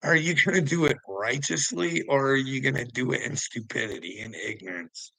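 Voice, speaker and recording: A vlogger answers commenters in a loose, rambling monologue, preaching and taunting as he hops between topics and chuckles to himself. His medium-pitched voice has vocal fry and a bright, forceful edge. The recording is rough, with no room sound.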